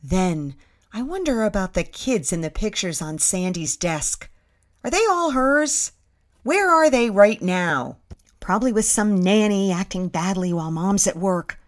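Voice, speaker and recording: A woman's voice: lowish voice, animated, measured pace. Wry woman narrator in her fifties. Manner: wry, self-mocking storytelling. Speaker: podcast host and narrator. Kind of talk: reading a personal essay aloud.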